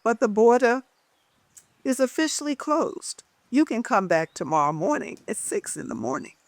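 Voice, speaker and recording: A woman voicing a flustered, soft-hearted male border chief who pleads in a raised voice. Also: fairly high pitch, big pitch swings, normal speed, no echo, voice pushed up. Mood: calm, official.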